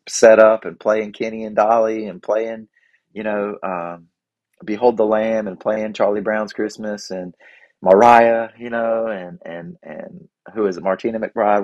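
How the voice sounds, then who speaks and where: A man's voice: lowish voice, steady tone, unhurried, a little mellow, no echo, lo-fi sound. A man in his forties talking in a casual, reflective way about family traditions and gratitude, rambling with fillers and restarts. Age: 40s.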